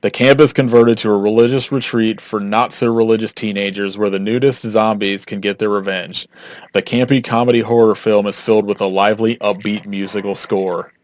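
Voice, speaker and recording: A man's voice: fairly low pitch, steady tone, fairly quick, dry recording. A young man co-hosting a podcast in casual chat, rambling with fillers and laughing often. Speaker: podcast co-host.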